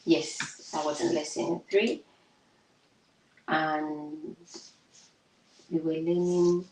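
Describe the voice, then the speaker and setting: Slow-talking woman, far from the mic. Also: deep voice, flat delivery, a little mellow. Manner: slow, thinking aloud while she sets up. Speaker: student streaming a study session. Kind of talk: casual study-with-me livestream. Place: bedroom. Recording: roomy, off-mic, noisy.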